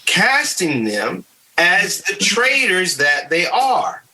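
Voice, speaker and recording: This is a podcast panelist in relaxed conversation who speaks at an unhurried, deliberate pace. The voice is bright and clear-toned. Points get repeated for weight, with quick "okay?" check-ins between them. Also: medium pitch, slight background noise, rough recording. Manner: emphatic, repeats points for stress. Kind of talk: casual discussion.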